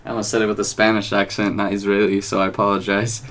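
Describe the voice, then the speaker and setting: Low-voiced easygoing male podcast host. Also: completely flat delivery, fast, fairly bright tone. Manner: easygoing, greets chat viewers. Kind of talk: casual chat. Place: home streaming setup.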